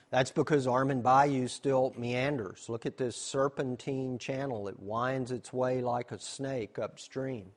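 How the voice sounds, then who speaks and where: Man, nature center presenter, mid-pitched, explains step by step, asks questions then answers them. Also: darkish tone. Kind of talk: slideshow presentation.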